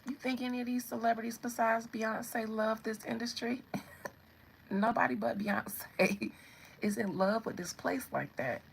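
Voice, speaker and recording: A woman hosting her channel, giving casual, animated celebrity commentary, laughing often and talking straight to her viewers. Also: a little high, a little slow, gravelly, slight background noise, poor audio. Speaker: channel host.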